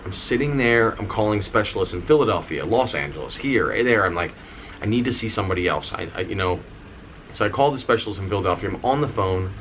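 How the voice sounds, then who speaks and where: Lower-voiced man telling a candid story. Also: quick pace, a little hiss or hum. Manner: animated, candid, swears, says "y'all". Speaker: vlogger, singer and dancer. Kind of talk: casual storytelling vlog.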